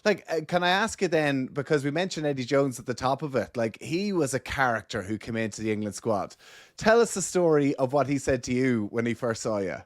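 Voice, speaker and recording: A man's voice: mid-range voice, lively intonation, brisk, dry recording, clean studio sound. An Irish man in his forties co-hosting a casual podcast, chatty and self-mocking, laughing through his own stories. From Ireland. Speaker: podcast co-host.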